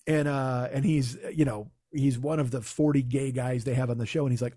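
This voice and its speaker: A man's voice: medium pitch, fairly even intonation, brisk, few pauses, warm tone, no echo, studio quality. A man hosting a podcast, ranting in a casual, comic, profane and exasperated way. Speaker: podcast host. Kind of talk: casual comedic rant.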